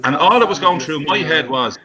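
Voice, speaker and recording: A man's voice: fairly high pitch, expressive, a little fast, poor audio. Irish man, teasing storyteller over crowd. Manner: teasing, good-humoured storyteller. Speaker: musician guest. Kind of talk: casual chat.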